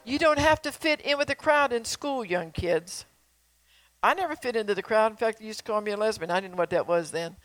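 A woman's voice: mid-range voice, brisk, no room sound, poor audio. An older woman preaching in a folksy, emphatic way, repeating phrases and asking her listeners questions. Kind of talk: sermon with prophecy.

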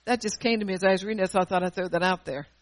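A woman preaching to her congregation, her voice jumping from forceful bursts to near-whispered lines. She throws in quick call-and-response asides between scripture readings. The recording is dry and close, with no room echo. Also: mid-range voice. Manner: animated, swings between loud and hushed. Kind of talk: sermon.

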